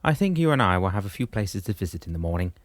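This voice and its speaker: A man reading as a genial older mentor who teases gently. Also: deep voice, big pitch swings, quick pace, dry recording. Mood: teasing.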